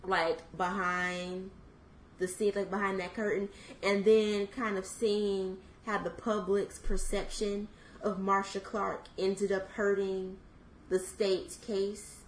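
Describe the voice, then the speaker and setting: A woman's voice: mid-range voice, a little hiss or hum. Young woman in an echoey room. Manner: thoughtful, lots of fillers. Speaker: podcast co-host. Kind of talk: casual chat.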